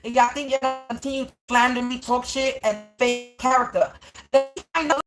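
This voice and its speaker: A woman's voice: sits high, flat delivery, a little fast, over music. A woman in a spiritual live stream, ranting in a profane, confrontational, rambling way while smoking, her mouth dry.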